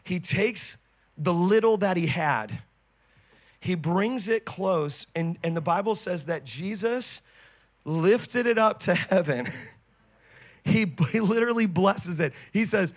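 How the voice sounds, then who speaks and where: A man preaching a sermon as pastor, fervent, breaking into loud exclamations between quick, chatty asides. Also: high-pitched, lively intonation.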